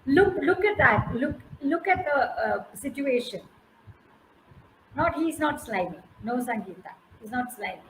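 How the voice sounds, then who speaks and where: Slow, high-voiced Indian woman storyteller. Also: roomy sound, slight background noise, poor audio. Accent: Indian English. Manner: animated, coaxing, praising by name. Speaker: storyteller teaching a class. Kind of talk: interactive storytelling with questions to listeners.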